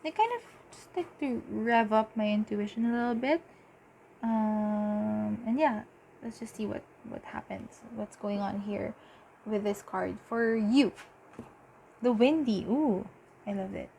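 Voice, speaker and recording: A woman giving a casual tarot reading, talking in halting bursts with lots of fillers and giddy laughter. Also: mid-range voice, creaky, mellow, a little hiss or hum. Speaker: tarot reader.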